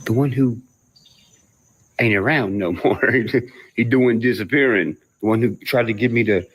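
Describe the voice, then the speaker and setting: A man's voice: mid-range voice, normal speed, slightly rough. A man telling a rambling story on a livestream, swearing and laughing between phrases. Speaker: musician on a livestream. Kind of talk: rambling live-stream storytelling.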